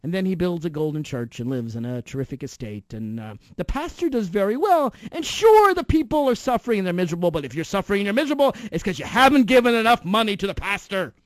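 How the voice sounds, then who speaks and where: Guy ranting sarcastically about politics, high voice swinging all over, dry close sound. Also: sing-song, quick pace, few pauses, no room sound. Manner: sarcastic, builds to loud outbursts. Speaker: political commentator. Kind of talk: animated satirical monologue.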